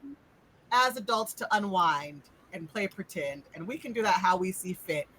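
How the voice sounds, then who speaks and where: A woman running a tabletop role-playing game as game master, animated and teasing, laughing often. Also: fairly low pitch, moderate pace, a crowd in the background, poor audio. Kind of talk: casual tabletop game narration.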